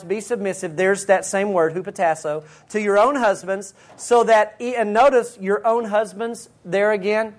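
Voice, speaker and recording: Earnest preacher reading scripture aloud. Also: mid-range voice. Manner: earnest, addresses listeners directly and reads scripture aloud. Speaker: Bible teacher. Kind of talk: sermon.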